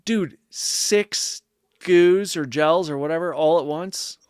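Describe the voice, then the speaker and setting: A man's voice: a little high, takes it slowly, clean tone, no echo, studio quality. A man co-hosting a casual podcast who rambles a little and reads listener comments aloud. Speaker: podcast co-host.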